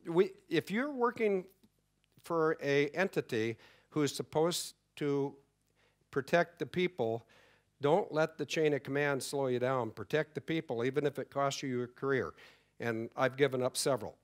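Man, middle-aged, conference speaker, lively storyteller who acts out quotes. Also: medium pitch, unhurried. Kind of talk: conference talk. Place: conference hall.

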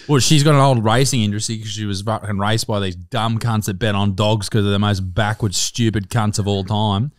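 A man's voice: on the low side, steady tone, brisk, few pauses, dry recording, studio quality. A man with an Australian accent hosting a podcast, telling stories in a sweary, ranting way. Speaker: podcast host. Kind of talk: casual podcast banter.

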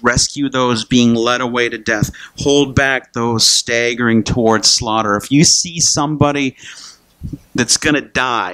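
A man's voice: mid-range voice, a bit bright, no room sound. A man preaching a sermon in a loose, conversational way, repeating and restarting words and calling the listeners "guys". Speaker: pastor. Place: church.

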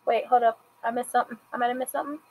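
A woman's voice: a little high, little pitch movement, racing, darkish tone, rough recording. Chatty woman recapping a TV episode. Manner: chatty, retells scenes with quoted dialogue. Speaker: TV episode reviewer. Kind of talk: casual recap and commentary.

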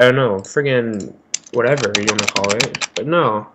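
A young man talks over his game at his computer, his voice lively and swinging widely in pitch, with a bright, forceful edge. He rages, swears and shouts at his teammates. Keyboard and mouse clicks tap along behind him. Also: fairly quick, slight background noise. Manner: excitable, swearing, rages and shouts at other players. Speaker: gaming YouTuber. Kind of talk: gameplay commentary. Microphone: headphones on, desk mic.

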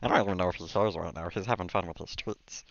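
Man putting on an impish little alien creature voice, cooing, low. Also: quick pace, gravelly, dry recording. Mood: playful. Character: mischievous small male alien creature. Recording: dull dry sound.

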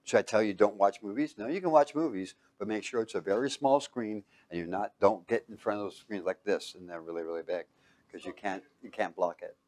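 A man giving a motivational talk to a live audience. He talks emphatically, swings from loud to hushed, and keeps quizzing listeners with fill-in questions. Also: on the low side, fairly quick. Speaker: speaker teaching a live audience.

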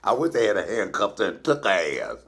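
A middle-aged male comedian telling blunt, profane stories in a casual, animated way while cooking. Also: on the low side, fairly quick. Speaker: comedian and cooking show host.

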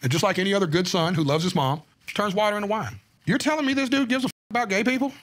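A man's voice: sits high, very fast, fairly bright tone. A man, a podcast guest telling stories in a jokey, profane way and acting out the dialogue. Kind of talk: casual storytelling on a podcast.

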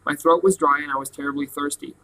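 A man reading a novel aloud in a plain, steady way. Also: fairly high pitch, fast talker, vocal fry, poor audio. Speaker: reader.

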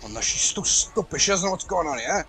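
A man hosting a let's play, reacting loudly and profanely, yelling at the game as he plays. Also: high voice, quick pace. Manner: excitable, profane, shouts at the game. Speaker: gaming channel host.

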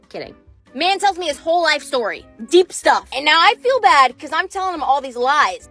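High bright young woman telling a comic story. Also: brisk, faint music behind. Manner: animated and dramatic, with emphatic outbursts. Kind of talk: comedic storytime monologue.

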